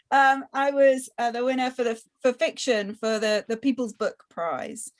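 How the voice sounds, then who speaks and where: A woman's voice: on the high side, moderate pace, hardly any pauses. A woman from Yorkshire talking casually as a guest on an online panel over a video call.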